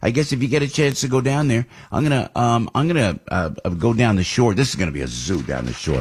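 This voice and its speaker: An older man hosting a radio talk show, rambling with many restarts and repeated words, getting animated as he talks. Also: mid-range voice, fast talker, husky. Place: radio studio.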